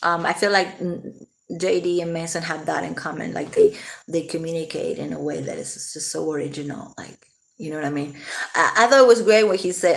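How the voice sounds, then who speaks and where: A woman's voice: deep voice, fairly quick, gravelly. A woman vlogging casually, rambling and laughing often as she talks. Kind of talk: casual commentary to camera.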